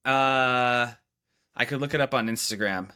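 A man's voice: medium pitch, measured pace, bright, forceful tone, slight background noise. A young man casually telling a story in a podcast chat, loose and filler-heavy, with lots of "like" and "you know". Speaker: videographer, podcast co-host.

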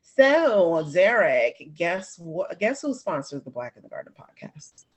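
A woman hosting a podcast in animated, playful casual chat, laughing often. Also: on the low side, measured pace. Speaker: podcast host.

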